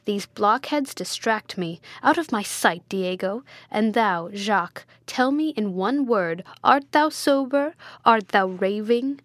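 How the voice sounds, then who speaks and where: A woman voicing an imperious, quick-tempered prince in a storybook reading, with stern and commanding delivery. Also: medium pitch, expressive, dry recording, lightly acted. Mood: angry. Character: imperious hot-tempered male prince, middle-aged tyrant.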